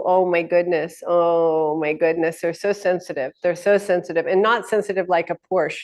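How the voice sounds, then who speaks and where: Middle-aged woman just talking, lots of um and like, restarts, laughs a lot. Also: fairly low pitch. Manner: rambling, many fillers and restarts, laughs often, acts out quotes. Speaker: host. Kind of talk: casual spoken talk.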